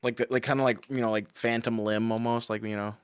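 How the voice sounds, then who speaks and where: A man co-hosting a casual podcast, telling animated stories full of swearing and quoted asides. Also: mid-range voice, fast, smooth. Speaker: podcast co-host. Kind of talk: casual chat.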